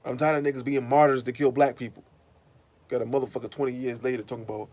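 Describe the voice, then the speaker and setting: A man talking straight to the audience in a loose commentary rant. He is blunt and heavy on profanity, swinging between low mutters and animated bursts. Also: fast. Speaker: host. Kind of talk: casual commentary monologue.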